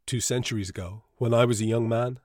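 A man doing a smooth, lecturing old doctor. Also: medium pitch, steady tone, a little mellow, dry recording, studio quality, lightly acted. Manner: lecturing, brisk and emphatic. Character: composed older male doctor, smoothly persuasive.

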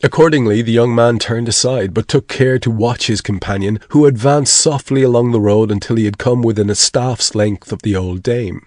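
A man narrating a story in a deliberate storytelling way. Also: medium pitch, a little mellow, no echo, clean studio sound. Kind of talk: scripted narration.

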